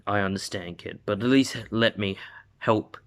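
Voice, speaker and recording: Confident superhero mentor, deliberate delivery, low voice, as a male storyteller puts him on. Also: a bit bright. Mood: calm. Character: big booming heroic man mentor, confident.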